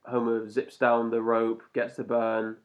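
A man's voice: medium pitch, completely flat delivery, unhurried. A man co-hosting a casual podcast, chatting and laughing often as he reviews a cartoon episode. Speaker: podcast co-host. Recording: slightly muffled lo-fi recording.

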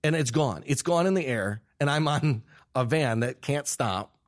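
Young male interview guest, lively storyteller, mid-pitch, restarts often, laughs through his story. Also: normal speed. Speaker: guest filmmaker. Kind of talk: animated storytelling.

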